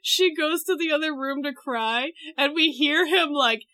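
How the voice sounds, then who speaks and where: A woman's voice: sits high, measured pace, bright, forceful tone. A woman co-hosting a casual chat, animatedly retelling a show and acting out the characters' lines. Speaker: podcast co-host recapping a show.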